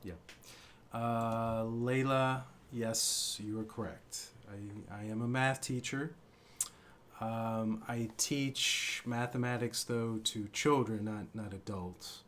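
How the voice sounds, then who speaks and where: A man's voice: mid-range voice, steady tone, slow pace, fairly bright tone. A man who teaches math, a shy, hesitant guest chatting on a casual live stream. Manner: hesitant, shy, many "uh" fillers.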